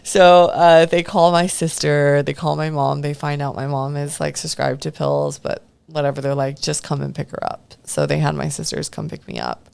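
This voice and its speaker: She has a deep, gravelly voice that barely moves in pitch, a little mellow and smooth, delivered at normal speed with few pauses. Guesting on a podcast, the woman candidly tells stories about her past, dropping occasional curses and voicing what others said.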